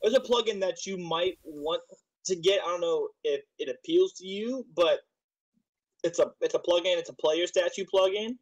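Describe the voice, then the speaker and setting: A man's voice: high-pitched, normal speed, rough recording. A man streaming a game, chatting casually and rambling, swearing often, with frequent hiccups. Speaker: server admin streaming gameplay. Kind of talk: casual gaming chat.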